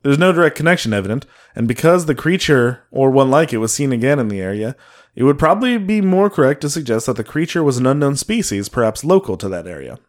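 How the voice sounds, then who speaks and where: A man's voice: medium pitch, sing-song, fast talker. Man reading a strange tale aloud. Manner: reads aloud, breaks off to joke. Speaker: podcast host reading a paranormal story. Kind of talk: casual comedic podcast banter with read-aloud passages.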